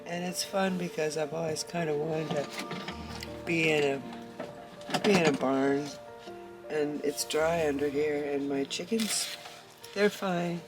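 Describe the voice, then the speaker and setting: A woman's voice: low voice, measured pace, long pauses, music in the background. A woman vlogging casually about her farm life, chatting and laughing often and cooing at her chickens. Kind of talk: casual chat to camera. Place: in and around a trailer in a barn.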